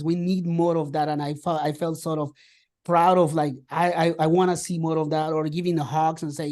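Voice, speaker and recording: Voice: medium pitch, fairly even intonation, moderate pace, darkish tone. Host, casual discussion, chatty, fillers, mid-range voice.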